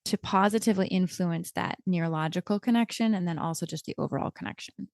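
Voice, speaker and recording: A woman's voice: on the low side, fast, vocal fry, darkish tone, dry recording, clean studio sound. A woman hosting a podcast, chatting casually and effusively with her guest, often laughing. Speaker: podcast host. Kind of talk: casual interview chat.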